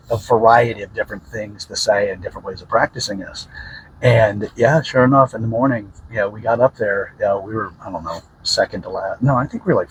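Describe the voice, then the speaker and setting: A man's voice: on the low side, a little hiss or hum, rough recording. A man hosting a podcast, telling a story casually, rambling and correcting himself with many fillers. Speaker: podcast host.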